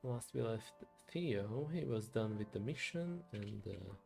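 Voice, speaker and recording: A man streaming a story game, softly thinking aloud to himself as he plays. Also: fairly low pitch, lively intonation, unhurried, creaky, faint music behind. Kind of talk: quiet game commentary.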